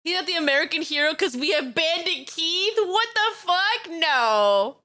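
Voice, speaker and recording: Woman streamer, high and very lively delivery, giggly reaction chatter. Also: measured pace. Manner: animated and giggly, lots of fillers. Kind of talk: casual reaction commentary.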